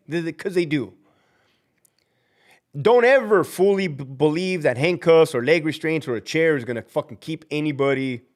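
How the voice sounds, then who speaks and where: A man hosting a live stream as a prison guard, talking in a blunt, fired-up, profane way and acting out quoted people. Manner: acts out quoted people with big pitch jumps. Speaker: livestream host and prison guard.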